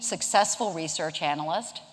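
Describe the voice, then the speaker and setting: A woman's voice: sits low, normal speed. A woman in her fifties from South Carolina gives a humorous, conversational keynote talk, telling a story from her own career. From Charleston, South Carolina. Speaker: keynote speaker. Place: event hall. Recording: long reverb of a lecture hall.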